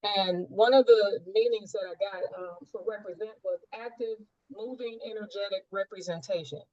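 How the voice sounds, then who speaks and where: A woman's voice: mid-range voice, moderate pace, warm tone, no room sound, highs cut off. A woman sharing a personal experience in a group coaching session, reflective and searching, with many fillers.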